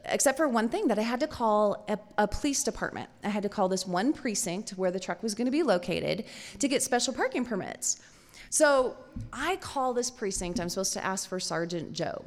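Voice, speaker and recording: A woman telling a story live on stage in an animated, playful, laughing manner. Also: medium pitch, in a large hall.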